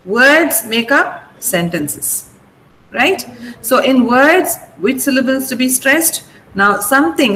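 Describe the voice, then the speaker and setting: Slow, careful Indian English teacher. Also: female voice, on the high side, fairly bright tone. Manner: slow, drills words syllable by syllable, checks with "okay?". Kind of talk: online vocabulary and pronunciation lesson. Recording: echoey room, faint ambient noise.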